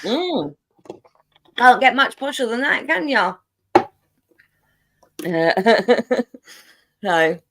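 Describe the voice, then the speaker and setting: Chatty London-accent woman host, laughs a lot, very lively pitch. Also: extremely slow, pauses often, noisy background. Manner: chatty, laughs often, plays up a broad common accent. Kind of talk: casual chat, reading viewer comments.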